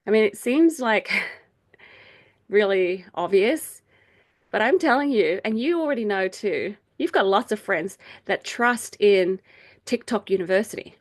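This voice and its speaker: A middle-aged woman leads a faith group over a video call, teaching in a loose, chatty way at a measured pace. She's animated, laughs often, and raises her pitch when acting out quoted people.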